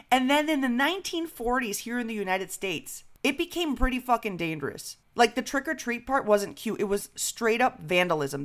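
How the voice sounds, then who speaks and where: A woman co-host tells stories with lively energy and plenty of swearing. She shifts freely into playful voices for the jokes while keeping things loose and conversational. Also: mid-range voice. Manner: animated, swearing, jokey storytelling. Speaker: podcast co-host. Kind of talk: casual chat.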